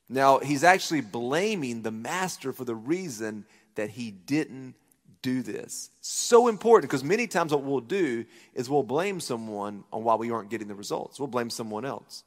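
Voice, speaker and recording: A man preaching a sermon as pastor, animated, acting out voices as he retells a story. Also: medium pitch, moderate pace, in a large hall. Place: church auditorium.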